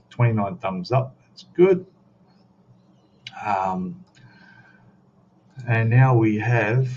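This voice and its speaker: This Australian streamer has a mid-range, dark-toned voice and chats in an easygoing, rambling way, reading messages from chat aloud. The audio is dull, lo-fi and faintly noisy.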